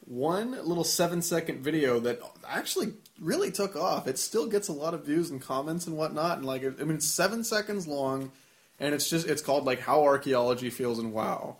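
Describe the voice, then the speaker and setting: A man on a podcast, rambling and animated in casual chat, swearing freely. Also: on the high side, normal speed.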